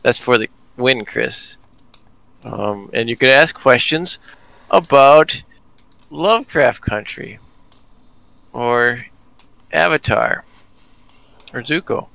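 A man co-hosting a casual podcast, his voice gravelly with fry and smooth underneath. He rambles loosely and laughs at his own jokes. The sound is dry and close, with no room in it. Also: mid-range voice, lively intonation, slow pace, pauses often, pushed and bright, no room sound, poor audio. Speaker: podcast co-host.

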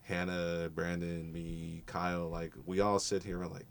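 A man's voice: low-pitched, monotone, a little slow, a little hiss or hum. A man who mentors students in a music program, talking earnestly and encouragingly in a casual group conversation. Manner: earnest, encouraging, heavy on "like" and "dope".

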